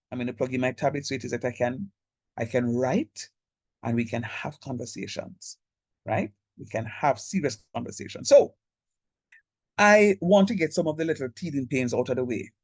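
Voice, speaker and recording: A man's voice: medium pitch, no room sound. Jamaican man lecturing, dry close sound. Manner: direct, chatty, code-switches into local speech. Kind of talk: online math lecture. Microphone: video call.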